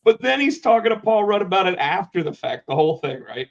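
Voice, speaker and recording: A man's voice: high voice, fast talker, vocal fry, lo-fi sound. A man co-hosting a casual podcast, telling stories and acting out the quotes. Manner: animated storyteller, acts out quotes. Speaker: podcast co-host. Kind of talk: casual chat.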